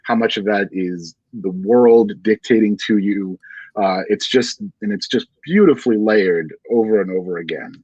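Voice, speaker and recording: Husky low-voiced male interviewer. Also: darkish tone, no room sound, lo-fi sound. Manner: long-winded, halting, many fillers. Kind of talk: livestreamed bookshop conversation.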